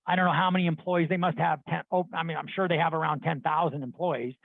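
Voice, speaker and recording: A middle-aged man with a high voice gives a blunt motivational talk to his sales team, rambling and restarting as he goes. The sound is dry and thin, like a phone line. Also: steady tone, quick pace, creaky, dry recording. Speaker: sales leader addressing his loan officers.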